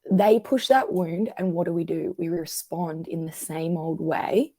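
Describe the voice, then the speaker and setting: A woman's voice: fairly low pitch, unhurried, dry recording, studio quality. A woman therapist in a conversational podcast, explaining patterns and acting out what people say. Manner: acts out quoted voices, animated.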